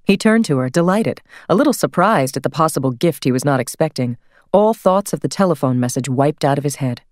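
A woman narrating an audiobook in a measured, expressive reading. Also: low voice, no echo, studio quality. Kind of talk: scripted narration.

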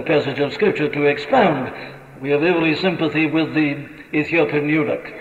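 A man with a Welsh accent preaching a sermon, questioning his congregation rhetorically. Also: on the high side. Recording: old lo-fi radio recording in a reverberant hall.

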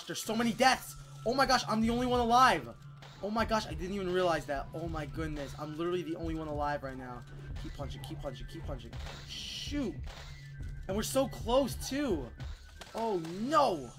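A gameplay YouTuber giving casual let's-play commentary in an excitable, chatty way, quick to exclaim. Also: mid-range voice.

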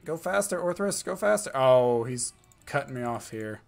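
A man's voice: medium pitch, moderate pace, creaky, soft background music. A man commentating his own live gameplay, muttering and swearing as the fight swings. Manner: excitable, swearing, muttering under breath. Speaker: game streamer.

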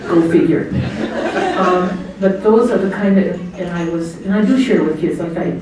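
Recorded far away in an echoing hotel banquet room with a noisy background, a middle-aged woman speaks at a moderate pace in a fairly low voice. As guest of honor at her party, she tells chatty anecdotes, laughs frequently, and imitates what people said.

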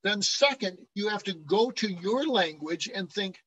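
Bright-voiced man lecturing on translation. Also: sits high, animated, unhurried, muffled recording, slight background noise. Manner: checks in with frequent "okay?", chuckles often. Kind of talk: classroom lecture.

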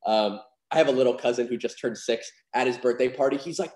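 An upbeat young man walks through card moves in a casual, chatty tutorial. His voice is mellow and relaxed, sitting at a middling pitch. The room around him has a noticeable echo. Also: fast talker, hardly any pauses. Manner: upbeat, chatty, lots of "like" and "super cool". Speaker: magic instructor. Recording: roomy echo.

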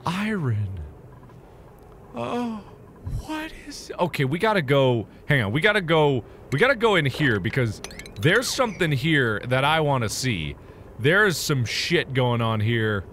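An excitable man commentating his own gameplay, his voice leaping up and down. He talks slowly and deliberately, with a bright, forceful tone, and moves between loud squeals and muttered asides. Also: high voice, slight background noise. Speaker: gaming channel host. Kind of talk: let's play commentary.

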